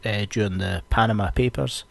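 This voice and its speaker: A man's voice: lowish voice, a little fast, gravelly. A young Scottish man, a podcast host, chatting casually and ranting with plenty of swearing. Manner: sweary, ranting, animated storytelling.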